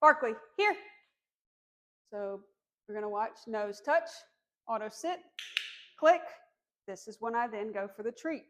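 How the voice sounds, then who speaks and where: A woman dog trainer calmly explaining commands during a demonstration, encouraging and firm on cues. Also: fairly high pitch, unhurried, long pauses. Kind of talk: instructional demonstration.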